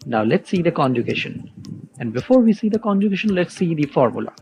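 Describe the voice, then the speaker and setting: A man teaching a Spanish verb lesson online, explaining slowly and patiently, with soft music behind. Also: fairly high pitch, sing-song, gravelly, poor audio. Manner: slow, patient explaining with spelled-out letters.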